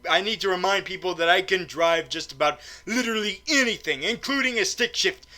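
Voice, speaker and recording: A cocky male super-spy played by a man with a bright, high voice. He stays smug and blunt and stammers through his lines. It is parody for a comic movie recap. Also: brisk.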